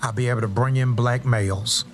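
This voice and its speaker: A man who is a pastor, talking on a podcast in a relaxed, jokey way, often chuckling. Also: mid-range voice, brisk, soft background music. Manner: laid-back, jokey, chuckling storyteller. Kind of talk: podcast interview.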